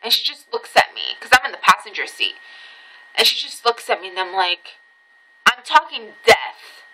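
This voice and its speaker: A woman vlogger casually telling a personal story, swearing freely and jumping high in pitch at the tense parts. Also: brisk, rough recording. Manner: animated, swearing, voice jumps high when reliving tense moments.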